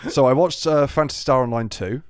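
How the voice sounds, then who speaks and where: A man's voice: mid-range voice, a little fast, clean tone, no echo, clean studio sound. A man co-hosting a podcast, rambling and swearing, often restarting his sentences. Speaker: podcast co-host. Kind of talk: casual chat.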